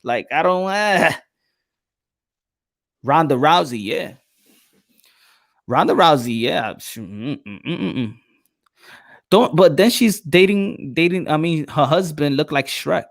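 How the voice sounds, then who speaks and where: A man with a New York accent riffs through a loose, joking chat, full of slang and quick laughs. His voice sits a bit high. The sound is close and dry, with no room around it. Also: expressive, gravelly, no room sound. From New York City. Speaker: podcast host. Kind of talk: casual chat.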